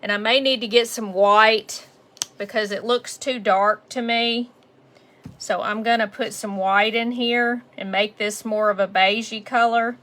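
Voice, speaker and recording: Chatty Southern woman, bright voice. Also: on the high side, fairly even intonation, unhurried. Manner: chatty, greets viewers by name. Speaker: painting instructor on a livestream. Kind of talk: casual live painting tutorial. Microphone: phone on a mount.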